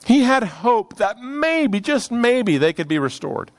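With a very high-pitched voice, a man expounds a scripture passage in an earnest, expressive sermon, raising his voice to stress ideas and lowering it to slow whispers of phrasing.

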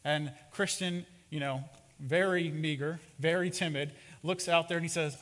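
A man's voice: a little high, moderate pace. Man preaching in an echoing hall. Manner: expressive storytelling, dramatic. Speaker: pastor. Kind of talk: sermon. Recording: reverberant hall.

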